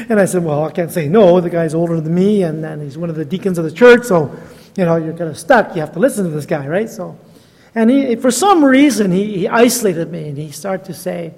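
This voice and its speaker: Older male guest preacher, 60s, high voice, chatty storyteller who pokes fun at himself, long hall echo. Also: animated, brisk, gravelly, darkish tone. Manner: chatty, self-deprecating, laughs at own jokes. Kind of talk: storytelling sermon.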